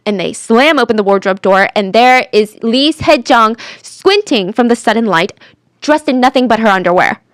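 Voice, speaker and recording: A woman's voice: fairly high pitch, normal speed, clean tone, no room sound, studio quality. Chatty woman telling a crime story. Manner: chatty, animated, drops to whispers for drama. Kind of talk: casual true crime storytelling.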